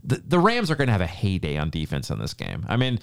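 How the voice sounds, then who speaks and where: A man's voice: low voice, wildly swooping pitch, fast, gravelly. A man co-hosting a sports podcast, talking casually and confidently about football predictions. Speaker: podcast co-host.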